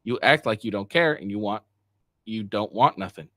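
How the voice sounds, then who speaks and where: A man commenting live on an online drama, reading screenshots verbatim and cutting in with crude, mocking remarks. His voice jumps up and down in pitch as he reacts. The sound is dry and close, with no room echo. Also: expressive, normal speed, pushed and bright. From Asian heritage. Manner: profane, mocking, reads texts aloud verbatim. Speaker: streamer reacting to a podcast drama.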